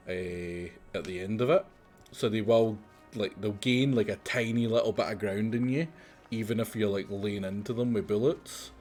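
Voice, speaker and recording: Chatty low-voiced man commenting on gameplay. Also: a little mellow. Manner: chatty, exasperated, explains tactics at length. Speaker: streamer playing a survival game.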